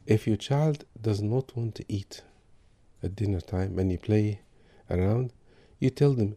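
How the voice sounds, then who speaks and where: A man giving calm parenting advice with examples. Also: fairly low pitch, unhurried. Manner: calm, advisory, gives examples. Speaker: parenting speaker. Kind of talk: talk on parenting.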